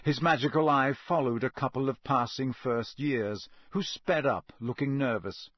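A man reading a story aloud in a steady, measured narration. His voice is mid-pitched and husky. It is recorded close and dry, with no room sound. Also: dry recording. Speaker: audiobook narrator. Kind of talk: scripted narration.

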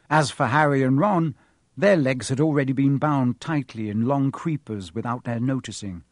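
A man narrating a storybook aloud with a husky voice, reading expressively and giving each character a voice. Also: mid-range voice, no room sound, studio quality.

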